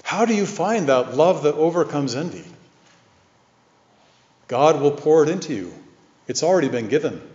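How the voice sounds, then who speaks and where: A man delivers an earnest, measured sermon, his voice ringing out through a long, echoing hall. The sound is muffled and lo-fi, like an older church recording. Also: a little high, expressive, a little mellow. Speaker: preacher. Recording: echoey hall, dull lo-fi sound.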